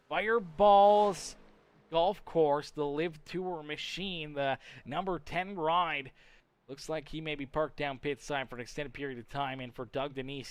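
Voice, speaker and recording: A man giving play-by-play commentary on a sim racing league broadcast, breaking down crashes and pit stops in steady analysis. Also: fairly high pitch. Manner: excited, shouts at crashes; steady explanatory replay analysis. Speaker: race commentator.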